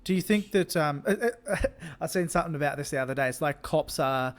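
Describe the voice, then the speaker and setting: Young man, podcast co-host, slightly high voice, earnest, hesitant. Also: fairly quick. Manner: earnest, hesitant, restarts and asks questions. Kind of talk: casual chat.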